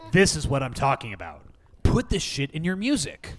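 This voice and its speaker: A man's voice: mid-range voice, wildly swooping pitch, normal speed, a bit bright, faint music behind. A man playing a laid-back male record producer who talks in slang and coaxes an artist, in a comedy sketch. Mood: coaxing.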